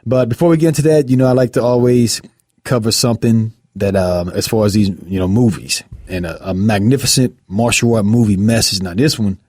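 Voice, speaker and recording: Dark husky man telling a story. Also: lowish voice, fairly quick, dry recording, clean studio sound. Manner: animated storyteller acting out scenes. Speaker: podcast host. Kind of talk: casual podcast chat.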